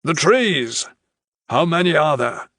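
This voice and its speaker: A man voicing a coldly detached, inhuman general who speaks flatly and without emotion. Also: on the high side, dry recording, clean studio sound, pitched above the performer's own voice, heavily acted. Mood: probing. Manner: flat, detached, unhurried.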